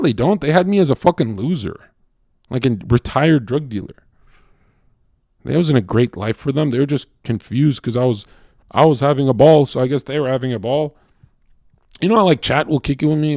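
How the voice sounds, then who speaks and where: A man's voice: mid-range voice, a little fast, mellow, no echo, studio quality. A man livestreaming, telling a crude, profane confessional story with stammered restarts. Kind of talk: casual unscripted stream monologue.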